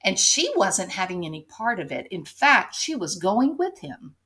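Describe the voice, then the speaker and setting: A woman's voice: medium pitch, very animated, moderate pace, sharp tone. A woman hosting an opinion commentary, sarcastic and pointed, driving her case with rhetorical "right?" questions. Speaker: commentary show host.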